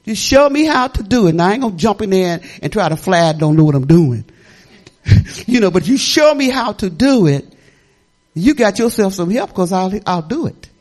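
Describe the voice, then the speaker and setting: Older woman pastor, folksy rambling sermon, chatty and laughing, very animated delivery. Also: medium pitch, moderate pace.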